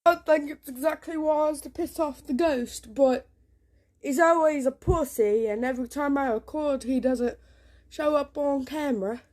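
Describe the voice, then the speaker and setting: A woman talks to her camera from a dark room at home, her voice sitting a little high. She rambles with restarts and swears often, jumpy and on edge. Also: normal speed. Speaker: vlogger. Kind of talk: casual home vlog.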